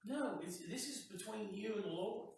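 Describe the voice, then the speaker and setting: A male pastor preaches a sermon in a church sanctuary, folksy and conversational, often repeating words. His high voice has vocal fry and a darkish tone at normal speed, heard from a distance in an echoey church with a little hiss or hum.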